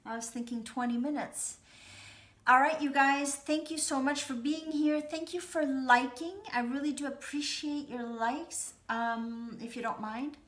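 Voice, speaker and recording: A woman's voice: high voice, steady tone, measured pace, a bit bright. A woman giving a casual, reassuring tarot reading to her viewers at home, talking in a chatty way full of "you know" and "you guys". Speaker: tarot reader. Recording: echoey room.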